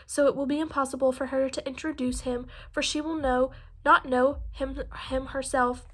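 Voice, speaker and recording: A woman reading the part of a fretful, excitable middle-aged mother who fusses and complains. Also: high-pitched, normal speed. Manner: fussy and complaining.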